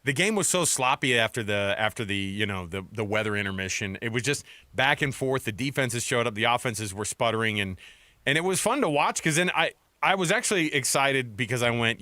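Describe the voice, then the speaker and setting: A man's voice: mid-range voice, lively intonation, a little fast, bright, forceful tone, no room sound. A man hosting a sports radio show, talking enthusiastically and rambling, with frequent restarts, into a studio microphone. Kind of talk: casual sports radio chat.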